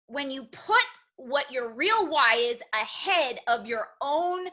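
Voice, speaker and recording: Bright high-voiced woman telling a story. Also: slow pace, few pauses. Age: adult with children. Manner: emotional, animated, addresses listeners as "you guys". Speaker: direct sales team leader. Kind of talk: motivational storytelling to her team.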